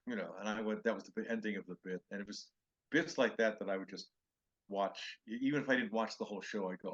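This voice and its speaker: An older male comedian with a low, husky voice tells stories from his career. He jumps into quoted voices and back, and the sound is dull and lo-fi. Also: brisk. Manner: animated anecdotes with acted-out quotes. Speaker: comedian guest. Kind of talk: storytelling interview chat.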